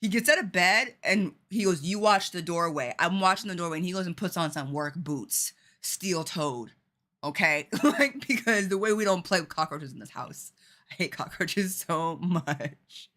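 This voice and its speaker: A woman streaming a game at home and telling a lively story to her chat, laughing often. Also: lowish voice, moderate pace. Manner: animated, laughing, chatty with fillers.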